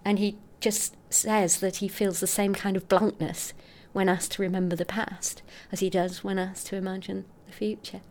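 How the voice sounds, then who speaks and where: A middle-aged woman, a scientist explaining her research in an interview, articulate and expressive. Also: medium pitch, moderate pace, hardly any pauses. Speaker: scientist guest.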